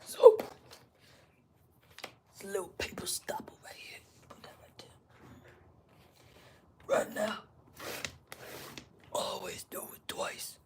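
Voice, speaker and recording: A woman's voice: mid-range voice, very animated, takes it slowly, pauses often. A woman putting on an accented persona for a whispered role-play tool demonstration, playful and step-by-step. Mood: playful demo. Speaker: craft demonstrator.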